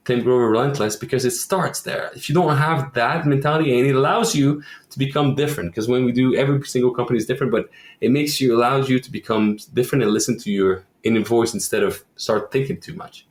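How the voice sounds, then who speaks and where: A fast-talking man from Quebec who runs a roofing company speaks at medium pitch in a casual podcast interview, and the sound is roomy. His storytelling is animated, full of acted-out voices from the people he quotes.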